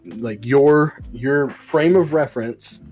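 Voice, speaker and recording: Casting: male comic podcast co-host, mid-pitched, loose casual chat, faint music under it. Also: slow, a little mellow. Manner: rambling retelling with many ums and likes.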